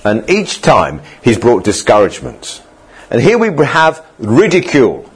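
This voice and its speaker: A man preaches in an easygoing, conversational way. His voice is slightly husky, and his pitch sits in a middle range. Now and then he slips into quoted voices to make a point. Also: wildly swooping pitch, unhurried. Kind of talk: sermon.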